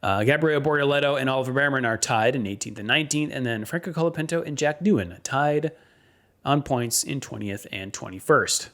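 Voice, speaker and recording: A man's voice: medium pitch, brisk. Man reading race standings. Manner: steady, with frequent ums and uhs. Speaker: podcast co-host. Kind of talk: casual podcast chat, reading standings and weather.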